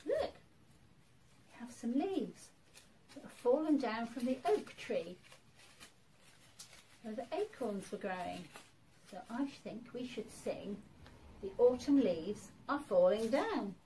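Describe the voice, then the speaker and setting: A woman leading a church toddler group, reading a picture book aloud in an animated, sing-song way. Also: fairly high pitch, slow, pauses often, slight background noise, poor audio. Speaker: children's group leader.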